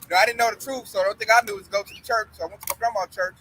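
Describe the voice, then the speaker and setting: A young man preaching outdoors, telling a blunt, profane, animated testimony story. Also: high voice, rapid-fire, a little hiss or hum, rough recording.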